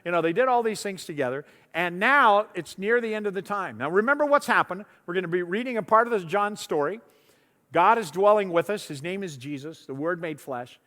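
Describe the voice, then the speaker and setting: Man, pastor, conversational sermon, repeats words, higher voice, long church reverb. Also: animated, fairly quick, sharp tone. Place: church sanctuary. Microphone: lapel mic.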